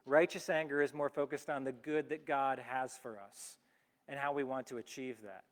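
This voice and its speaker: A man's voice: mid-range voice, normal speed. A man, a pastor, preaching a conversational sermon in a church and telling everyday stories with emphatic delivery. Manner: storytelling with everyday examples, lively and emphatic. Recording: long hall reverb.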